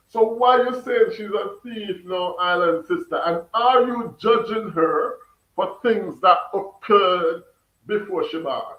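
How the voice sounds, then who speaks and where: A man's voice: high-pitched, slow pace, far from the mic, dull audio. Jamaican man chatting in an echoey room. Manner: laughs often, questions his chat, mixes patois. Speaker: livestream host reading chat. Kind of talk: casual chat. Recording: echoey room, away from the mic.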